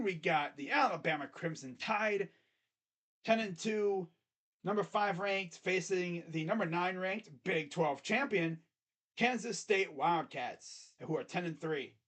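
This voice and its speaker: A man hosting his own channel, giving casual sports predictions in a rambling, self-correcting way. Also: sits high. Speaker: host. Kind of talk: casual sports picks commentary.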